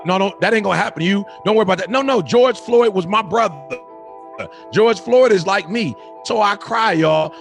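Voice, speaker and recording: Man, middle-aged, gravelly voice, raised pitch, preaching cadence, repeated phrases, faint music behind. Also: fairly bright tone. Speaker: motivational speaker. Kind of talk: impassioned motivational talk.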